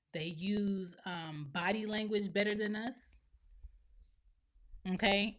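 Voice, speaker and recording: A woman around forty hosting a podcast, talking bluntly and opinionatedly on her own and acting out other people's lines. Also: medium pitch. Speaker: podcast host and mother. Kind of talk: solo opinion monologue.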